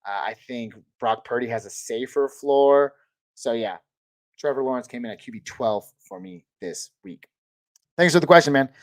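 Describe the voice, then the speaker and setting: A man's voice: mid-range voice, normal speed, no echo. Casual, chatty male live streamer. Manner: relaxed, chatty, addresses chat as dude and man. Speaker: host of a live fantasy football Q&A stream.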